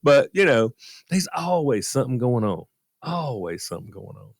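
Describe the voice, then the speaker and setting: A man's voice: medium pitch, normal speed, gravelly, dry recording, studio quality. A man telling a story in a casual radio podcast chat and acting out the voices of the people in it. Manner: animated storyteller, acts out quoted voices. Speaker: guest storyteller, former beer truck driver.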